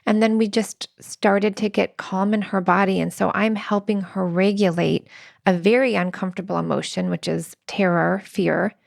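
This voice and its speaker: A woman's voice: mid-range voice, fairly even intonation, normal speed, vocal fry, dry recording, clean studio sound. A woman co-hosting a relationship podcast, telling earnest personal stories with quoted dialogue. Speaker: podcast co-host. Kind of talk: relationship advice conversation.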